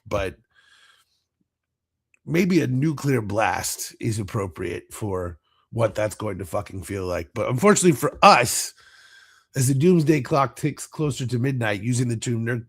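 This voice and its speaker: A man's voice: medium pitch, fairly bright tone, breathy edge. An American man hosting a sports podcast, talking bluntly and swearing through a casual rant. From United States. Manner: blunt, profane rants. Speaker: podcast host.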